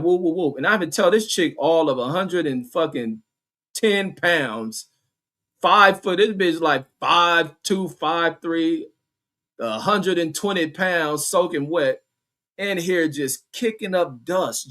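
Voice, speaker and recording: On his vlog, a man with a fairly high, fairly bright voice rambles through stories and reads chat messages aloud. He is blunt and swears a lot, turning the whole thing into a casual, profane rant.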